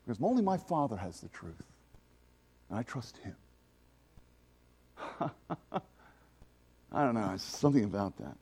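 A man preaching a sermon, emphatic, swinging between loud exclamations and quiet asides. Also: fairly low pitch, big pitch swings, measured pace, vocal fry, pauses often, slightly rough.

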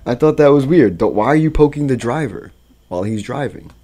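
A man co-hosting a casual chat, telling animated, profane stories about his rideshare passengers and laughing often. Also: medium pitch, a little fast. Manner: animated, profane storytelling that acts out voices; laughs often while talking. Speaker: podcast co-host recounting rideshare driving.

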